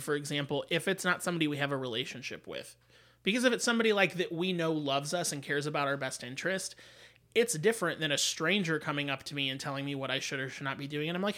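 Bright-voiced earnest man chatting. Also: on the high side, animated, fairly quick. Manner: earnest, reflective, laughs often. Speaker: podcast co-host. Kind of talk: casual chat.

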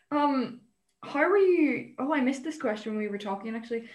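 A woman's voice: high voice, lively intonation, measured pace, darkish tone, lo-fi sound. A woman hosting a podcast, asking questions in a friendly, encouraging way. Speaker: podcast host. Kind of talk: casual interview chat. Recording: roomy echo.

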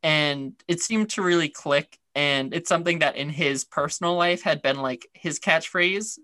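A man co-hosts a podcast in a loose, rambling chat, full of fillers and restarts. His voice sits a touch high and rings bright, and the recording is dry and close. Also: normal speed, no echo. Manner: chatty, rambling, many fillers. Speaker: podcast co-host. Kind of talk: casual chat.

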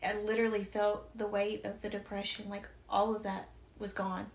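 A woman's voice: mid-range voice, level tone, moderate pace, roomy sound. A woman, a podcast guest, candidly telling a personal story in a chatty, emotional, faith-filled way with lots of fillers.

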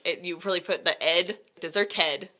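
A young woman discussing a poem in casual chat, laughing often and reading lines slowly. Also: mid-range voice, animated, sharp tone.

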